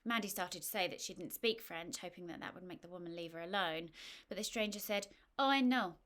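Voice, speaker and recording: A woman's voice: on the low side, fairly even intonation, fairly quick. Wry woman storyteller. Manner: wry, gently humorous. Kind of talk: scripted narration.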